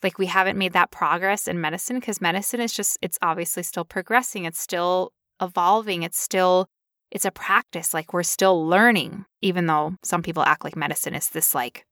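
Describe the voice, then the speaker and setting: A woman's voice: fairly low pitch, normal speed, a bit bright, dry recording, clean studio sound. A woman co-hosting a podcast, talking casually with sarcastic asides. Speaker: podcast co-host.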